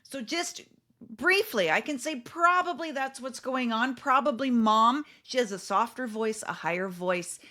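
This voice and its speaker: A woman's voice: on the high side, measured pace. A woman, a parenting coach and podcast host, telling stories in casual talk and acting out what parents say. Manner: animated storyteller, acting out parents' lines.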